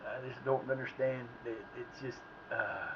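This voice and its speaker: A man commentating his own game on a live stream, drifting between quiet muttering and sudden outbursts at the plays. His voice sits in an ordinary middle register, and the sound is a bit muffled, with a faint hiss underneath. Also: medium pitch, fairly even intonation, a little slow. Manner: rambling, muttering to himself, reacting loudly to plays. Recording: slightly muffled with faint background noise.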